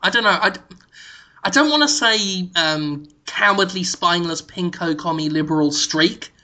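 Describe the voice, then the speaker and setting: Deadpan man pitching absurd schemes. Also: moderate pace. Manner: deadpan mock-serious pitching. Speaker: podcast host. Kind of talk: casual podcast banter.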